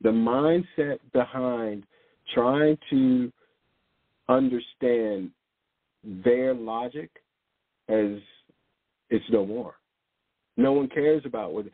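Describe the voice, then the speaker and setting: A man delivers an impassioned sermon in a husky, slightly rough voice, pressing his points with rhetorical questions. His voice sounds dry and close, squeezed through a narrow, phone-like band. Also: mid-range voice, drawn-out words, pauses often, dry recording. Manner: emphatic, fires rhetorical questions. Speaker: preacher.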